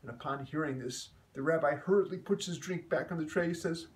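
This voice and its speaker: A man telling a joke in a relaxed, friendly way, chatting with fillers as he greets and signs off to his viewers. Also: fairly high pitch, fairly quick, noisy background. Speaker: joke teller. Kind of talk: casual joke telling to camera.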